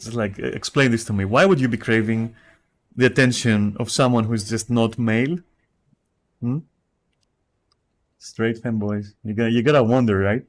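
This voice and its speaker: A man streaming live, reading chat messages aloud and reacting with profane, mocking commentary. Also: mid-range voice.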